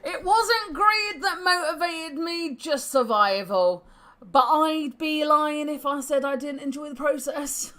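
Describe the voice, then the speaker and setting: A woman's voice: high voice, slow, fairly bright tone. A woman voicing a boastful old male ex-thief in a grungy put-on accent, reminiscing in a video game.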